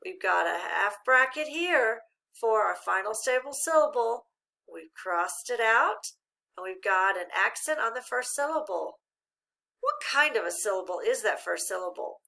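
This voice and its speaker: A woman teaching a phonics lesson to children, spelling letters out slowly and praising often. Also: a little high, creaky, pushed and bright. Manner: slow, drawn-out spelling of letters with encouraging praise.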